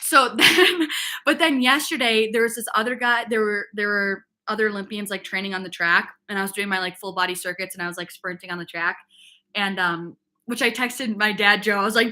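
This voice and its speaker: A woman's voice: fairly high pitch, quick pace, pushed and bright. A young woman from upstate New York, hosting a casual fitness livestream and telling a rambling, gossipy story packed with "like" fillers, and answering chat comments.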